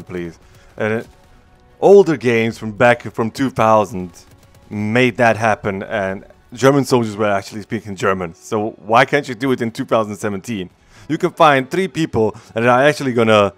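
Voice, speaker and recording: A man's voice: on the low side, no echo. A man hosting a gaming channel, ranting casually, profane, heated and rambling.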